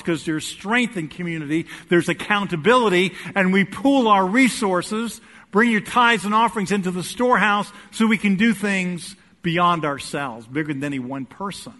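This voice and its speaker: High, bright-voiced male pastor preaching. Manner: preachy, swings from loud urging to low asides. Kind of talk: sermon. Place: church sanctuary. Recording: echoey hall.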